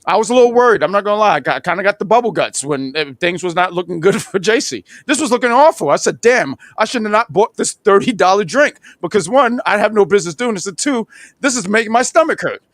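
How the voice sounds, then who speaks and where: A man's voice: high-pitched, fast, dry recording, studio quality. A man in his thirties co-hosting a casual wrestling review show, telling rambling, laughing stories. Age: 30s. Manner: animated, rambling storytelling with laughs. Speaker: podcast co-host.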